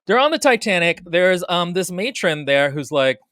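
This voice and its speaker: Lively, dry-sounding man ranting on a podcast. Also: sits high, moderate pace, no echo. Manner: playful, ranting, laughs often. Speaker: podcast co-host. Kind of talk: casual book-review chat.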